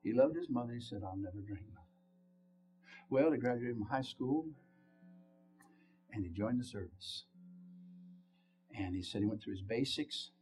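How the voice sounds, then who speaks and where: A male preacher in full sermon flow, his mid-range voice leaping up in loud bursts and dropping to near whispers. He keeps turning to the congregation with questions. Faint music hangs quietly behind him. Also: medium pitch, normal speed, long pauses. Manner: animated storytelling, swinging from loud exclamations to hushed whispers.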